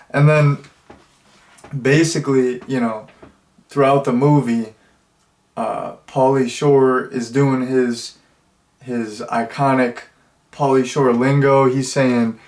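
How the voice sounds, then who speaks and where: Rambling, enthusiastic male movie reviewer. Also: mid-range voice. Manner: rambling and enthusiastic, acts out quoted lines. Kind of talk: casual spoken movie review.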